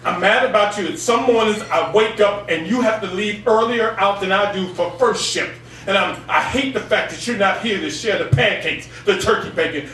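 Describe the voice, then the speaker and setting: A man with a baritone voice performing spoken word poetry at an open mic, with a rhythmic delivery that keeps coming back to a refrain. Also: a bit bright. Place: cafe gallery open mic stage. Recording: echoey room, far from the mic, faint hum.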